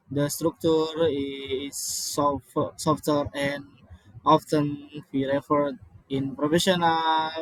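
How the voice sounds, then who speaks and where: Halting high-voiced man reading slides. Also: no room sound, poor audio. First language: not English. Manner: halting, many restarts and apologies.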